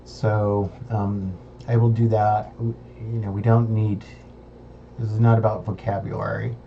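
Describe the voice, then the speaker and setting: A man with an American accent working through a study session, thinking aloud in a halting way as he sounds out syllables one by one. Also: fairly low pitch, level tone, gravelly, lo-fi sound, a little hiss or hum. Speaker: language learner. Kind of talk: self-recorded study session.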